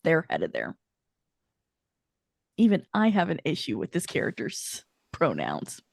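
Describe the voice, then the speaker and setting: A woman running a tabletop role-playing game as game master, playful and quick to laugh. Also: deep voice, wildly swooping pitch, gravelly, no echo.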